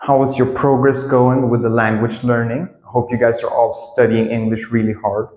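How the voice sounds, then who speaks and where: A man teaching a casual English lesson, repeating example phrases with lively acted-out intonation. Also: mid-range voice, moderate pace, reverberant, in a large hall, poor audio.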